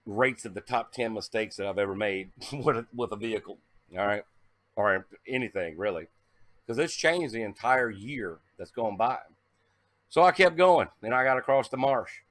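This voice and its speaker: A man casually telling a story to camera, animated and swearing, acting out his own past reactions. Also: lowish voice, unhurried, long pauses, dry recording. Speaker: vlogger.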